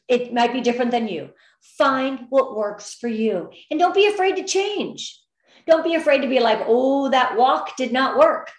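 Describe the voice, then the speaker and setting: A bright, higher-pitched middle-aged woman leads a motivational business training, upbeat and encouraging. She gets emotional at times, and her voice rings in an echoey room. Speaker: direct sales team leader.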